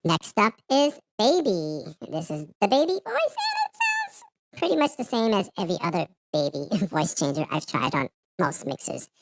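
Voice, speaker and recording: A man's voice: wildly swooping pitch, normal speed, creaky, fairly bright tone, no room sound, exaggerated voice. A man demonstrating a baby voice-changer effect in a casual way. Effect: baby voice changer pitched up.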